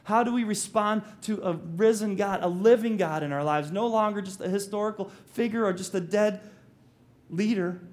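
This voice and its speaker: Man, pastor, sermon, high-pitched, animated, jokes and acted quotes. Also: normal speed.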